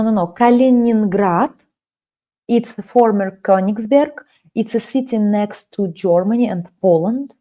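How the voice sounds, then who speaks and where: A woman's voice: medium pitch, warm tone. A woman in her forties with a Russian accent, teaching a live-streamed Russian lesson and switching between languages. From Russia (Kaliningrad region). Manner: switches between languages, reads chat aloud.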